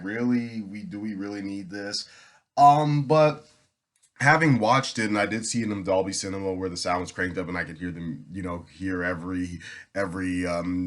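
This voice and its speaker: A man giving a casual spoken movie review, pausing often with ums and restarting his sentences. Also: sits low. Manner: halting, many ums and restarts.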